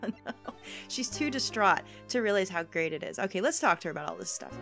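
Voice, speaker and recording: A woman hosting a let's play, reacting with excited exclamations and frequent laughter while reading the game aloud. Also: on the low side, a little fast, gravelly. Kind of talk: video game commentary. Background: faint game music.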